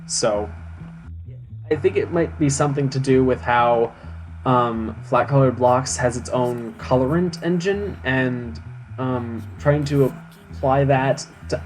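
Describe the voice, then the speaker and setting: A man's voice: medium pitch, slow pace, soft background music. Rambling guy streaming games. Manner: rambling, lots of "um"s and restarts; chatty, self-mocking. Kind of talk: casual live-stream chat.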